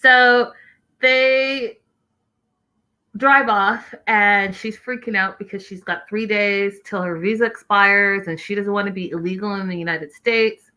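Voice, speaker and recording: A woman hosting a show, recapping episodes in an animated, exclaiming way and acting out what people said. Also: medium pitch, measured pace. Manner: expressive, exclaiming, acting out quotes. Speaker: podcast host recapping a reality show.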